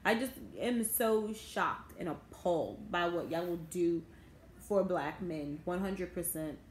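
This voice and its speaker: A woman's voice: lowish voice, slow. Indignant woman ranting, echoey room. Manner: indignant, bitter, addresses viewers directly. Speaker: vlogger. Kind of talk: ranting opinion vlog. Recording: echoey room, faint background noise.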